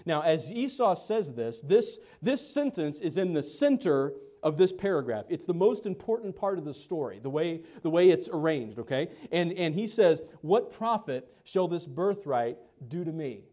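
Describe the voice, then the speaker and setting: A man preaches a sermon in a slightly high voice, full of energy, stumbling over his words and repeating them. He acts out each quote as he reads it. The sound is dull and lo-fi. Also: very animated, normal speed, hardly any pauses.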